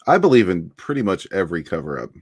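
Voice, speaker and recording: A man's voice: low-pitched, big pitch swings, fast talker, slightly rough, dry recording. A man being interviewed on a casual livestream, laid-back and rambling, laughing often. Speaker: interviewed author.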